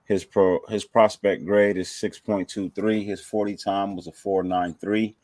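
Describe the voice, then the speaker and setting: A man's voice: fairly low pitch, little pitch movement, a little slow, a little mellow, dry recording. A man hosting a casual fan show, talking slangy and laid-back, thanking viewers and breaking down players. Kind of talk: casual sports chat.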